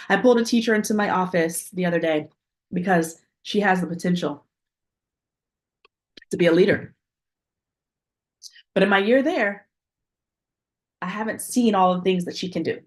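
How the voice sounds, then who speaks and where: A woman's voice: mid-range voice, moderate pace, long pauses. A woman who is an assistant principal, giving earnest, conversational advice to aspiring school leaders and often checking in with "right?". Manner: conversational, frequent "right?" tag questions, earnest. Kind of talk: casual talk to aspiring leaders.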